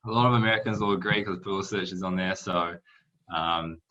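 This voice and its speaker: Deep-voiced New Zealand man, bright tone. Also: fairly quick. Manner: relaxed, many fillers like "um" and "like". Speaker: soccer player guest. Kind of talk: casual interview chat. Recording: dull lo-fi sound.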